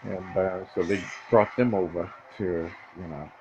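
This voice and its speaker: A man talking alone in a rambling casual monologue, halting often with fillers and restarts. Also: deep voice, a little mellow, muffled recording.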